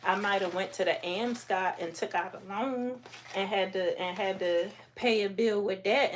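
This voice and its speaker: Hoarse lady on a livestream, blunt, talking to her chat, faint hiss. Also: medium pitch. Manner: talkative, blunt, talks back to chat. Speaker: livestream host.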